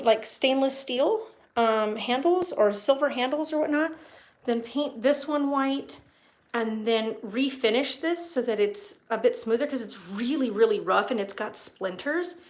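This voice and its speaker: A young woman chatting casually and rambling a bit as she films a tour of her house and talks to her cats in baby talk. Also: fairly high pitch. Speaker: vlogger touring her home. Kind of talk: casual home tour vlog. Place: house, indoors and yard.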